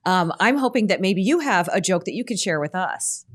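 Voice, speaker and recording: A woman's voice: mid-range voice, animated, moderate pace. Woman podcast host asking questions. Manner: laughs easily, asks friendly questions. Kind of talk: casual interview chat.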